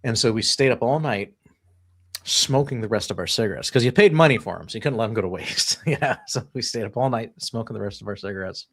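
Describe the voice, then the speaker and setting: Deep-voiced man telling a casual story. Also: fast talker, breathy edge, no echo. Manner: animated, laughs while telling stories, many restarts.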